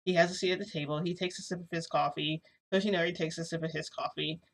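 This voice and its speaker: A woman telling a long story to her camera in a rambling, animated way, with lots of fillers, filmed indoors at home. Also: on the low side, fast talker, gravelly. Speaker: vlogger. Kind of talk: casual storytelling vlog. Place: indoors at home under a bright light.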